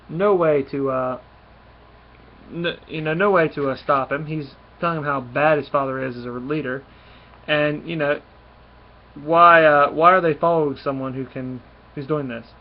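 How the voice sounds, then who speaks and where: An enthusiastic man rambling through a comic book review and often restarting his sentences. His voice sits a little high, and the recording is dull and lo-fi.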